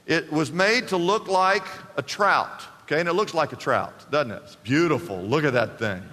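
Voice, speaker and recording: A man's voice: on the high side, moderate pace, pushed and bright. A man preaching a sermon to a congregation, emphatic and repetitive, asking the people to respond. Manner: emphatic preaching, repeats phrases, asks the congregation. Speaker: pastor. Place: church sanctuary. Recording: long reverb of a church hall.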